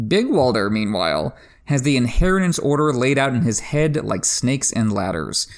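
Man enthusiastically analyzing a book series. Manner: enthusiastic literary analysis with emphatic pitch jumps; laughs while talking. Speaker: podcast host. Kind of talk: book discussion podcast.

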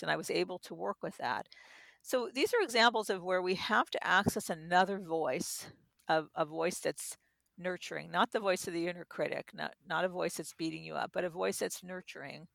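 A middle-aged woman talks in a calm, reflective way, illustrating her points with stories from her own life. Her voice has a strong vocal fry. The recording is dry, with little room sound. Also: fairly low pitch, normal speed, no echo. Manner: gentle, explains with personal examples. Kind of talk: reflective interview talk.

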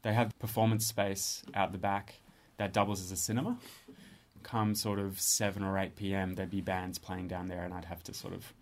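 A relaxed studio interview features a composer and musician in his thirties with an Australian accent. He talks about his music in a somewhat low voice, choosing words thoughtfully and hesitantly, with many pauses and restarts.

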